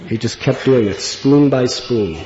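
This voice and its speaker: A man's voice: medium pitch, measured pace, slight background noise. Man telling a devotional story in an echoey hall. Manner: earnest, reflective, with gentle laughs. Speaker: spiritual speaker. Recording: dull lo-fi recording in an echoey hall with long reverb.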